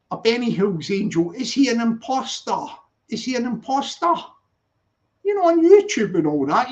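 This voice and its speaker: A man's voice: sits high, a little mellow. Rambling man on a muffled stream. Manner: rambling, jokey, with slang and frequent restarts. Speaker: live stream host. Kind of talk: casual live stream chat, reading viewer comments. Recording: muffled lo-fi audio.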